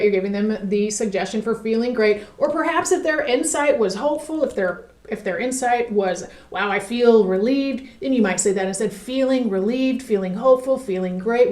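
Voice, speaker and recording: A woman's voice: mid-range voice, darkish tone. Woman, upbeat conversational co-host, instructional chat, roomy echo. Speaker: hypnotist co-host. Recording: echoey room.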